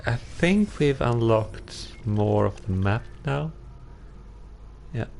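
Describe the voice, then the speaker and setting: Slow, gravelly male game streamer. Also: mid-range voice, slight background noise. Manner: relaxed, musing, talks to himself while playing. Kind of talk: casual live gameplay commentary.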